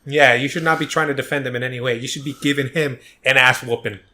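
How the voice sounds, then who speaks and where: A man's voice: medium pitch, steady tone, fast talker, bright, forceful tone. A man co-hosting a casual podcast, blunt and profane, arguing with indignation. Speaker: podcast co-host.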